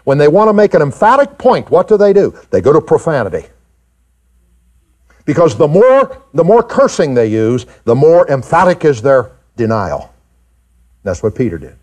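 A man preaching a sermon to his congregation, animated and rising high in pitch when he acts out doubters. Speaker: pastor. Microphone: pulpit mic recorded for tape.

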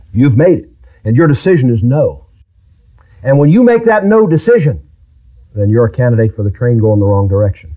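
A pastor preaching a sermon, asking the congregation rhetorical questions. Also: male voice, medium pitch, a little mellow.

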